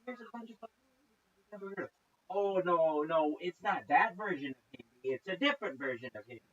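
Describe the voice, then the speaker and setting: A man hosts a reaction video, ranting with nonstop swearing and exasperation. His voice is high and husky. The recording sounds dull and lo-fi. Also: lively intonation, fast. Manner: profane, exasperated, loud rants. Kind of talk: casual ranting commentary.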